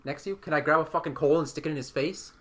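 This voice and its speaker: A man's voice: fairly high pitch, rapid-fire, fairly bright tone. A man playing a tabletop game as a player, talking casually, asking questions and swearing now and then.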